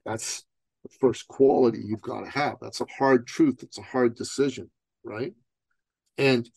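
A man's voice: medium pitch, steady tone, moderate pace, vocal fry, darkish tone, no room sound. A middle-aged man from Iran, a guest telling a motivational story in conversation, emphatic and full of rhetorical questions. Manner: streetwise, calls the host "bro".

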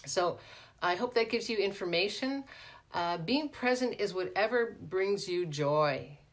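A middle-aged woman coaching in a casual live stream, animated and chatty, often ending points with "right?" and greeting viewers by name. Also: mid-range voice, unhurried. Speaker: life coach hosting a live Q&A.

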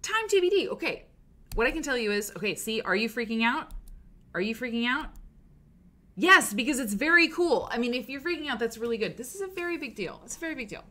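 A woman hosting a live stream show, chatting excitedly and rambling with lots of fillers. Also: on the high side, fairly quick. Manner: gushing, animated, rambling with many fillers.

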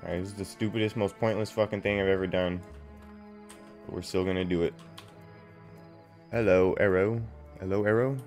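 A man with a fairly low voice gives loose, profane commentary while he plays a game, piling up fillers and swearing as he goes. Faint game music sits quietly behind him. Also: fairly even intonation, brisk, long pauses. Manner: profane, rambling, lots of fillers. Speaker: game streamer. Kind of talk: casual gameplay commentary.

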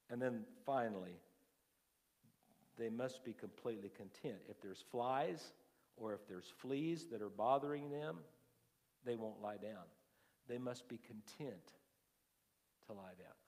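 A male pastor preaching a sermon. His volume swings from hushed asides to loud, emphatic lines, and he often repeats and restarts his words. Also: fairly low pitch. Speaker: lead pastor. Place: church sanctuary. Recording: long hall reverb.

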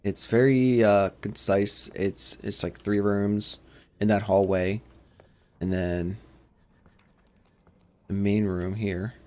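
A man's voice: lowish voice, steady tone, slow pace, long pauses. Jumpy man commentating a horror game. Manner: rambling, jumpy, shouts when startled. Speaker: gaming channel host.

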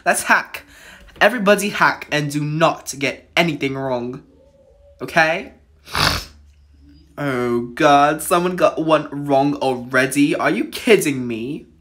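A mid-range, slightly bright voice that takes its time. It belongs to a gamer doing let's-play commentary on a horror game, jittery and yelping in fright, then sinking to a whisper when things get tense.

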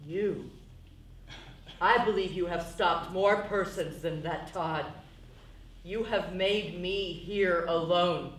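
A woman's voice: lowish voice, slow pace, recorded from a distance. An actress playing a fragile, anxious lonely woman in a live stage play, pleading and prone to sobbing outbursts. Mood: withdrawn. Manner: pleading, breaking into sobs and outbursts. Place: theatre stage. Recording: roomy theatre stage sound.

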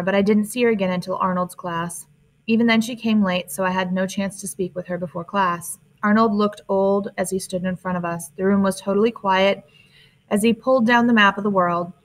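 Brief: woman narrator, medium pitch, reads a novel evenly and simply. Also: fairly quick, low-quality recording. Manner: plain, steady first-person reading. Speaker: audiobook narrator. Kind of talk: audiobook narration.

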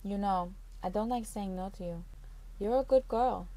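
A woman's voice: mid-range voice, normal speed, dark tone, lightly acted. A woman voicing a teasing, motherly middle-aged female nurse in an audiobook, scolding lightly. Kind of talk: audiobook character voice.

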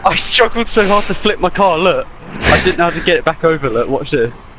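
A man hosting casual gaming chat with friends, playful and excitable, laughing a lot. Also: a little high, a little fast, music in the background, rough recording. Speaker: gaming channel host.

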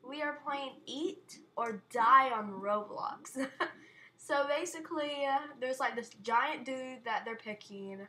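Woman gaming host, higher voice, unhurried, chatty and giggly, playfully dramatic. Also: pushed and bright. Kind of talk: casual let's-play commentary. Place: her bedroom.

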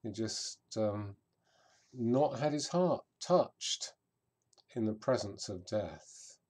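A man giving a reflective sermon as a vicar, with pauses and occasional fillers. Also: lowish voice, animated, darkish tone.

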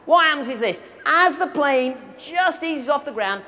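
A man's voice: extremely high pitch, lively intonation, unhurried, hardly any pauses, bright, forceful tone, some chatter behind, slight background noise. A man preaching a sermon at a conference, telling stories with humour and appealing directly to his audience. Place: large hall at a conference event. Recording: live recording in a reverberant hall.

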